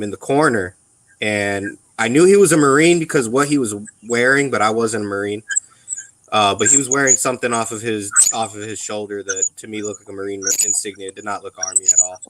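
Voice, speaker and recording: On a live radio chat, a veteran talks casually about his service in a lowish, somewhat bright voice, speaking briskly over poor audio. He rambles bluntly, swearing freely and filling gaps with lots of ums.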